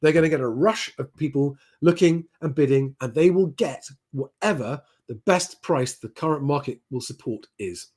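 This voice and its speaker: Man, live Q&A host, slightly higher voice, easygoing, lots of ums. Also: normal speed, hardly any pauses. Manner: relaxed, conversational, frequent "um" fillers. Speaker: host answering viewer questions. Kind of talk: live Q&A stream.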